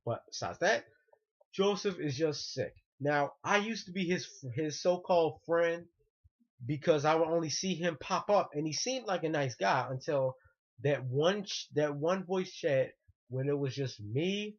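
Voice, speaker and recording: A man's voice: a little high, expressive, measured pace. A man ranting indignantly in a vlog monologue, repeating himself and restarting sentences. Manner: indignant, repetitive, frequent restarts. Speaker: online ranter. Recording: muffled lo-fi recording.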